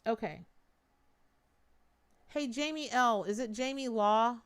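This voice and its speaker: This streaming tarot reader speaks slowly in a slightly high voice with lively intonation and a clear, resonant tone. Chatty and direct with her viewers, she repeats words to drive points home.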